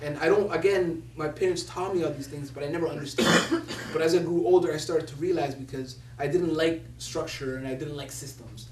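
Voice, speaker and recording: This young poet laureate from Somalia speaks a little high and a little fast, with few pauses, animatedly spinning stories and laughing while quoting others. The storytelling is captured from afar in an echoey room with a faint hum.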